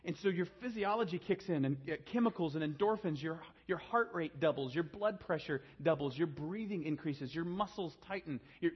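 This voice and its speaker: A man preaching a sermon, swinging from hushed, low emphasis to raised, urgent delivery. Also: husky, lo-fi sound. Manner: dynamic preaching, drops to a hushed low voice then rises. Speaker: pastor.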